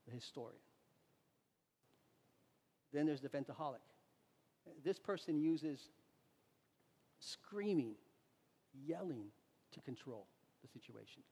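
A man preaching a sermon, animated, acting out little dialogues as he goes. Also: fairly high pitch, slow, gravelly, pauses often, husky. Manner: animated, acts out quoted dialogue. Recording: long hall reverb.

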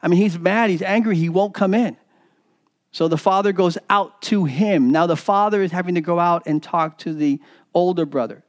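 A man with a notably high voice delivers a sermon as pastor. He preaches in an animated way, doubling up on words and acting out the lines of the people in the story he retells. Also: normal speed.

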